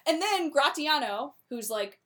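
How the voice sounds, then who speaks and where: A woman casually recapping a plot in a chatty, slangy way, with quick laughs. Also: high voice, animated, a bit bright.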